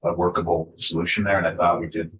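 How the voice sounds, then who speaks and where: Male official witness with a very low voice, explaining with fillers; a distant mic in an echoey hearing room. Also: little pitch movement, fast talker, a bit bright, muffled recording. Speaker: state official testifying to a committee. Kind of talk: committee testimony. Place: legislative committee room.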